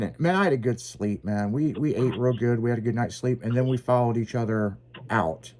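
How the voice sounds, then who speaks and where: A man's voice: medium pitch, expressive, a little fast, darkish tone. A man co-hosting a casual podcast, telling profane road stories and acting out both sides of old conversations. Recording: faint background noise.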